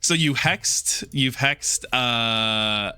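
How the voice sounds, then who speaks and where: A man narrating as game master of a tabletop role-playing game in a loose, halting way, with restarts. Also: medium pitch, a crowd in the background.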